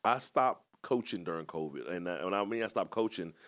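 A man's voice: sits low, expressive, a little fast, fairly bright tone. A man co-hosting a podcast, telling his story in a casual, rambling, reflective way. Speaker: podcast co-host and coach.

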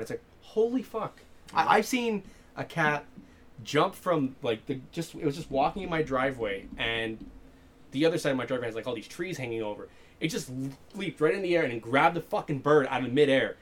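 A young man telling stories in casual, profanity-heavy chat among friends. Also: on the high side. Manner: profane, animated storytelling.

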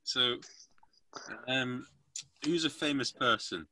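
A man's voice: medium pitch, slow, pushed and bright. A man hosting a casual comedy podcast, setting up games and laughing often.

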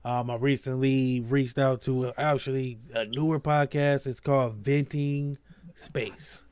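A man's voice: mid-range voice, steady tone, a little slow, a little mellow, clean tone, no echo. A man hosting a podcast in casual chat, laid-back and slangy, laughing often, with a sore throat. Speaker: podcast host.

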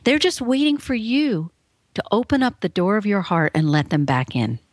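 A woman guest telling her story on an interview show, earnest and emphatic, acting out the voices she quotes with big pitch swings. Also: expressive, normal speed, no echo. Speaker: guest author. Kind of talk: animated personal storytelling.

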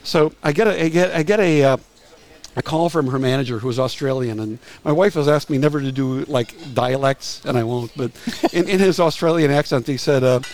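A man's voice: medium pitch, a little mellow, rough recording. An older man in his sixties tells stories from his career as a guest on a casual interview show. His mid-range voice moves at an easygoing pace, and he often stumbles and restarts his sentences. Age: 60s. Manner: halting, restarts phrases with frequent repeated words. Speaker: guest, retired music publicist. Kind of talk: casual anecdotal storytelling.

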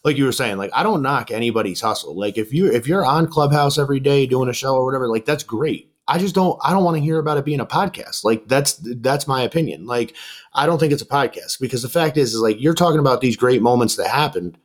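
A man's voice: medium pitch, expressive, fast. A man chatting casually on a podcast, laid-back and opinionated, with lots of "like" and "um".

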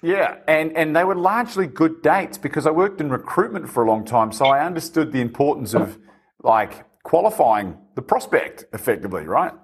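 A man, an animated and self-deprecating storyteller in casual conversation. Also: a little high, normal speed, slightly rough.

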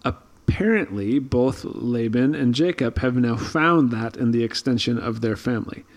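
A man with a mid-range voice, speaking at normal speed, co-hosts a relaxed Bible study podcast. He works through his explanations thoughtfully, often saying "um" and starting sentences over.

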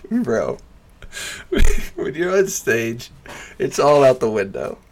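Over a noisy background, a medium-pitched man speaks extremely slowly, rambling through a story from a bar. An amateur stand-up comic, he curses a lot, fills gaps with "you know" and "like," and laughs animatedly as he recounts.

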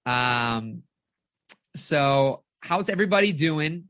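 A woman life coach giving an energetic live-streamed motivational talk, keeps checking in with her audience and acts out inner voices. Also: low voice, slow pace, dry recording, studio quality.

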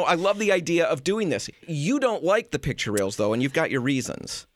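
A man in his forties co-hosting a casual home-design chat, animated and self-deprecating, often laughing at himself. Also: a little high, brisk, hardly any pauses, no echo. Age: 40s. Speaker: podcast co-host.

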